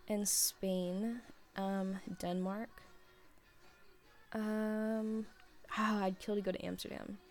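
A woman's voice: mid-range voice, creaky. A young woman in her twenties chatting casually as she answers listener questions, rambling and giggly, with many fillers. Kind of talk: casual chat.

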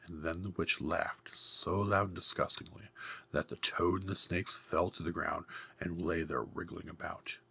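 A man reading a fairy tale aloud in a measured, grave storybook narration. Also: low-pitched, flat delivery, creaky, pushed and bright, breathy edge.

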